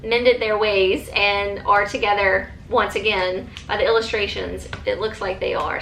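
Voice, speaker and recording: Bright-voiced chatty woman in an echoey room. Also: mid-range voice, a little hiss or hum. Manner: enthusiastic, chatty, many fillers and restarts. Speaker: book vlogger. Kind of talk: casual chat.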